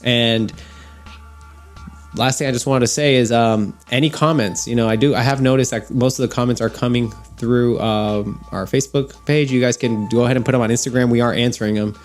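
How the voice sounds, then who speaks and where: A man's voice: medium pitch, fairly even intonation, a little fast, faint music behind. A man co-hosting a podcast in casual chat, rambling and stumbling over names with lots of fillers. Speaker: podcast co-host.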